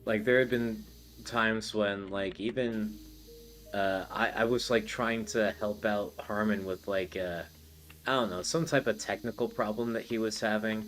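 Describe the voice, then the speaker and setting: A man's voice: on the low side, steady tone, measured pace, fairly bright tone, slight background noise. A man hosting a podcast in casual chat, rambling and swearing with many fillers. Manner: rambling, profane, full of fillers. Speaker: podcast host.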